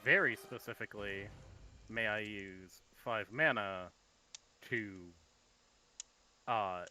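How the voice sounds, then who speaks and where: A man playing a tabletop game, making deliberate, measured requests of the game master. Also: on the low side, bright, forceful tone, faint music behind, poor audio. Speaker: player.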